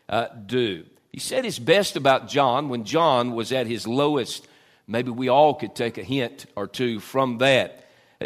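Middle-aged pastor mid-sermon, mid-range voice, fillers, climbs for emphasis. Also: male voice, medium pitch, a bit bright. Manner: preaching with frequent "uh" fillers, rising for emphasis.

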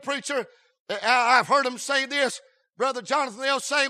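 A man preaching a sermon as pastor, with a shouting, sing-song cadence and many "uh" fillers and stammered restarts. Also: very high voice, moderate pace.

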